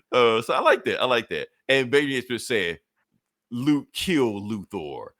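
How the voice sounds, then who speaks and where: Animated man recapping comics, lively pitch. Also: normal speed, no room sound, clean studio sound. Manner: animated storyteller acting out quoted lines, profane. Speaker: podcast co-host. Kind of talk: casual comic book recap chat.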